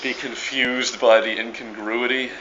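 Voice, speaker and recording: A man's voice: mid-range voice, level tone, measured pace, sharp tone, lo-fi sound, slight background noise. A man from New Orleans with a local accent, recording an emphatic, stammering video reply and swearing casually. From New Orleans area. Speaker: video blogger.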